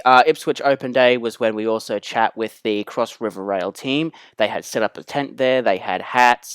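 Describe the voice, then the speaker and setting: A man's voice: mid-range voice, clear, resonant tone, dry recording. A man with an Australian accent hosts a rail enthusiast vlog, narrating with energy and repeating key phrases for emphasis. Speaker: rail enthusiast channel host.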